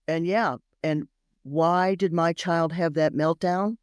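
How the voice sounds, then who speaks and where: Animated middle-aged woman, parenting expert guest, emphatic storyteller, dry close sound. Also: deep voice, a little slow, dry recording. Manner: animated, emphatic, repeats phrases for effect. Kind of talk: storytelling podcast interview.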